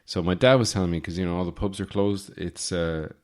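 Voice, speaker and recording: An Irish man in his forties, hosting a podcast with a rambling, deadpan comic monologue full of fillers and restarts. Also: low-pitched, brisk. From Ireland. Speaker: podcast host.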